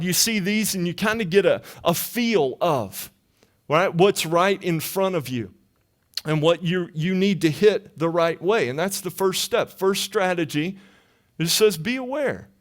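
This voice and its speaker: A man pastor preaching a lively, conversational sermon in church, often checking in with "right?". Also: high-pitched. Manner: animated, conversational preaching with frequent "right?" tags. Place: church sanctuary.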